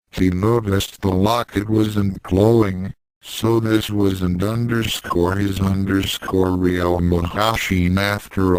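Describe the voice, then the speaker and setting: Slow, smooth-voiced male narrator. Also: sits low, no echo, poor audio. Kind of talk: audiobook reading of fan fiction.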